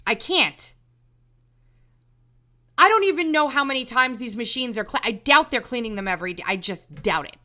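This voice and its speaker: A woman's voice: fairly high pitch, lively intonation, normal speed, long pauses, sharp tone. A woman host delivering an exasperated, emphatic commentary monologue, repeating words when heated. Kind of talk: angry monologue rant.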